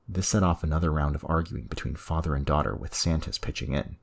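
A man reads a story aloud with a very deep voice. The tone is husky and gravelly, and the narration stays measured and even. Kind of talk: audiobook story reading.

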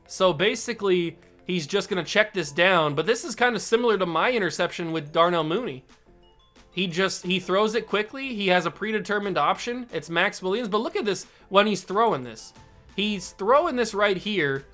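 A man's voice: high voice, normal speed, soft background music. A man playing a football video game and commentating live, often scolding himself for his mistakes. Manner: self-scolding, exasperated, then animated. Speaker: gaming YouTuber.

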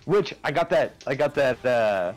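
A man's voice: medium pitch, very animated, a little slow, faint music behind. A man with a nasal, slightly lispy voice, co-hosting a game stream with crude, sarcastic jokes. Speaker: stream co-host. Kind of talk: casual gaming chat.

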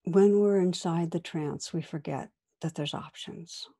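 Woman, meditation teacher, dharma talk, gentle, measured, warm mellow tone. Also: on the low side, breathy edge. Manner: gentle, measured, at times softly whispered.

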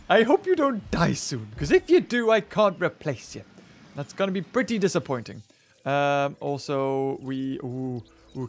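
A young man hosting a gaming channel narrates his gameplay, chattering to himself in a high, bouncy voice that swoops up and down. His commentary stays casual and excitable.

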